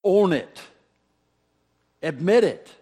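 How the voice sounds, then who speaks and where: A pastor with a high, warm, husky voice preaches with big pitch swings and drawn-out words. He speaks conversationally and directly to his congregation, often repeating phrases for emphasis.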